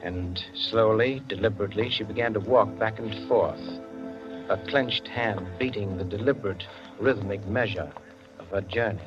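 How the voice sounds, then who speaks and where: A man narrating a 1940s radio drama in a measured, even storytelling manner. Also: lowish voice, lightly acted. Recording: muffled old radio with music bed.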